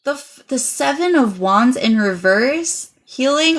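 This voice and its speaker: A woman's voice: high voice, animated, takes it slowly, a bit bright. A woman streaming a live tarot reading, chatting casually and dramatically, pouring thanks on her viewers. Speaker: livestream tarot reader.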